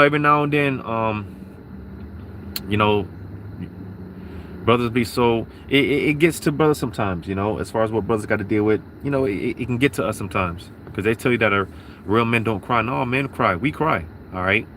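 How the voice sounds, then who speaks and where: A man's voice: on the low side, fairly bright tone, a little hiss or hum. A man giving a rambling religious talk from his parked car, repeating himself with lots of fillers and sniffs. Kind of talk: casual religious monologue.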